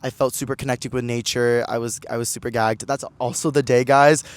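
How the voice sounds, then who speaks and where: A man telling a casual storytime vlog, chatty and animated, acting out other people's lines in a higher voice. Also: brisk, clear, resonant tone. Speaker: vlogger.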